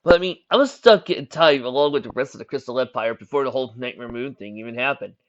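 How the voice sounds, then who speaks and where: A man's voice: mid-range voice, quick pace, close to an everyday voice. A man voicing a cocky, easygoing young male pony who films everything, in a storybook reading. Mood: casual. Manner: cocky and casual. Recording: dull lo-fi recording.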